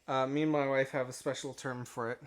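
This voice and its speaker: A man's voice: mid-range voice, little pitch movement, a little fast. A man co-hosting a casual podcast chat, talking close to the mic in a rambling, hesitant way with many restarts. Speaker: podcast co-host.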